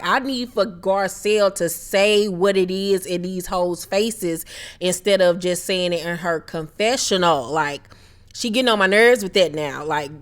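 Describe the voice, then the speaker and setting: A young woman, talking casually on her reality TV recap. Her voice sits low for a woman, and she is blunt and sassy, swears freely, and drops into exaggerated mock reactions. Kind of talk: casual commentary.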